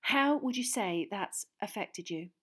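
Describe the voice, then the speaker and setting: A woman voicing a brisk, prying female gossip journalist who talks over others. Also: mid-range voice, animated. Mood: pushy.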